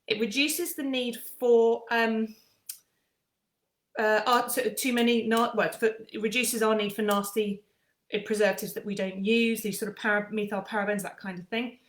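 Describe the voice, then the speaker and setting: A woman chatting casually through a skincare explanation, often pausing on fillers and restarting. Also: fairly high pitch, a bit bright, roomy sound. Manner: chatty, with frequent ums and restarts. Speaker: skincare aesthetician.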